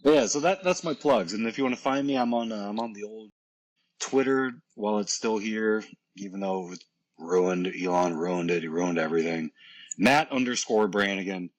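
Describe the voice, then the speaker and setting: Guy wrestler on a podcast, kinda low and husky, jokey and rambly, pokes fun at himself. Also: moderate pace, rough recording. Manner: joking, self-deprecating, rambling. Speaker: pro wrestler guest. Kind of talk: casual podcast chat.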